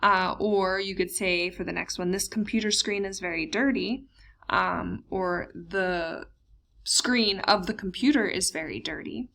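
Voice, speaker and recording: Woman teacher going through german grammar slides, bit of vocal fry, lots of ums. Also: medium pitch, fairly bright tone. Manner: plain explanatory tone with frequent fillers; slows down for German example words. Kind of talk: recorded slide lesson.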